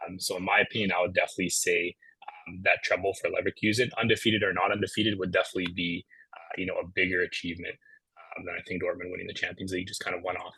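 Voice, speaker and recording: Male podcast guest, deep and bright-edged voice, quick and filler-heavy, dry sound. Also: flat delivery, vocal fry, husky, no room sound, poor audio. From Canada. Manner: fast, heavy on fillers like "you know". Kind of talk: casual podcast chat.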